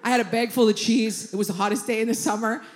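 A woman's voice: on the high side, quick pace, a little hiss or hum. A woman telling a comic story in stand-up style, swearing, laughing through her lines and acting out the people in it. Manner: animated, swears, laughs through lines, acts out quoted voices. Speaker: comedian.

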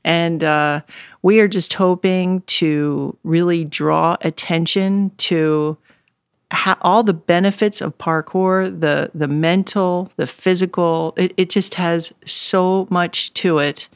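A woman's voice: lowish voice, fairly even intonation, slow pace, clear, resonant tone, no room sound, studio quality. A middle-aged woman in a casual interview, talking in an earnest, reflective way and now and then laughing or getting choked up. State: choked up at times. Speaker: interview guest.

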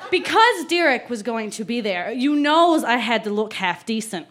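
A woman with a Newfoundland accent reading her childhood diary aloud on stage, laughing through her lively delivery. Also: on the high side, normal speed. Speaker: reader at a live storytelling show. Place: live venue stage.

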